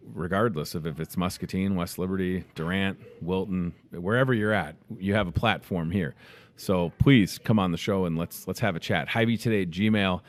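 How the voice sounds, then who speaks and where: A middle-aged man hosting a live local morning show from a grocery store grill, with a somewhat low voice. He chats casually and upbeat, thanking sponsors and rambling a little as he wraps up. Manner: upbeat, chatty, rambling sign-off. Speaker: host.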